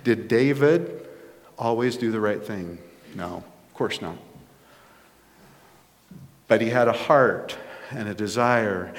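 A man preaching a conversational sermon as pastor, rising to emphatic points. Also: on the low side. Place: church sanctuary. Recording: long reverb of a church hall.

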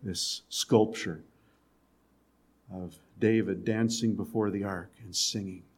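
Guy preaching, talks to the congregation casually, goes quiet for emphasis, chuckles now and then. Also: fairly low pitch, steady tone, slow pace, slightly rough. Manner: conversational preaching, drops to soft emphatic lines, occasional chuckles. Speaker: pastor. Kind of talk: sermon.

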